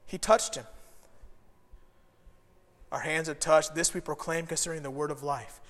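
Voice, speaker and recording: A male pastor preaching a sermon, telling stories with animated, acted-out quotes. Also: a little high, unhurried. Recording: long hall reverb.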